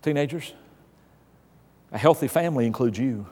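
A man's voice: a little high, moderate pace. A male pastor preaching a sermon, telling a story and asking repeated emphatic questions. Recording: long hall reverb.

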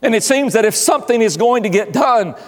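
A man's voice: very high-pitched, expressive, brisk, in a large hall. A male pastor delivering an earnest sermon in a church, often repeating his phrases. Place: church sanctuary.

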